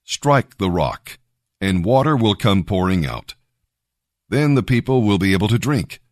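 A man reading the words of the Lord in a Bible story, slow and solemn. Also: on the low side, very animated, darkish tone, no room sound, clean studio sound. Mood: commanding. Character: the Lord, solemn commanding divine voice.

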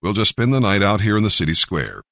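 A man's voice: on the low side, very animated, quick pace, gravelly, a bit bright, no room sound, clean studio sound, exaggerated voice. A man doing stern, urgent angels. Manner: urgent, commanding. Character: stern urgent male angels giving warnings.

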